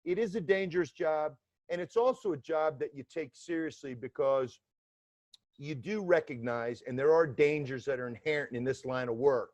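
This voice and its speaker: A man's voice: on the high side, a little mellow, no room sound, dull audio. A man in his fifties from Atlanta with a New York accent, a former federal agent talking as a podcast guest in a blunt, streetwise way with wry humor. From Atlanta, Georgia, US South. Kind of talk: casual interview talk.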